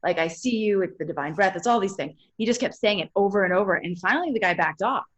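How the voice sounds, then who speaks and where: A woman's voice: mid-range voice, animated, fast talker, dull audio. Reflective woman podcast host. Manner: reflective, affirming, searching for words. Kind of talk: podcast conversation.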